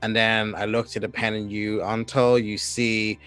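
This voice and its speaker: A man's voice: lowish voice, little pitch movement, moderate pace, a bit bright, clear, resonant tone, soft background music. A man playing in a tabletop game, describing his character in a casual way full of fillers. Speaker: player. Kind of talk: tabletop role-play chat.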